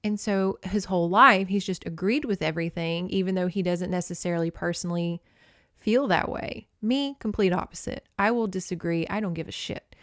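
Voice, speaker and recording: Young woman doing a casual book recap, blunt and sweary, smooth voice, dry mic. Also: fairly low pitch, normal speed, a bit bright, no echo. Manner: candid, opinionated, swears freely. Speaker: podcast host.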